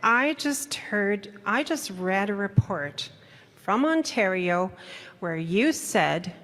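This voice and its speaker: A woman's voice: mid-range voice, animated, slow pace, fairly bright tone. A woman from Canada asking accusing questions from the audience at a town hall, angry and emphatic. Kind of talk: heckling public question. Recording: distant voice in a reverberant hall, faint noise.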